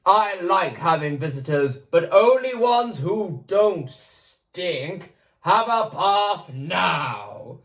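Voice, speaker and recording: A woman voicing a huge, grumpy male giant in a storybook reading, with a booming, slow delivery. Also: expressive, distant mic, exaggerated voice. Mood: gruff.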